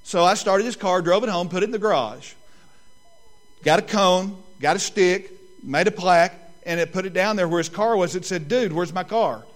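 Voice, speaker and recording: A middle-aged man, preaching a sermon and telling family stories in lively quoted voices. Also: high-pitched, moderate pace. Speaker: pastor.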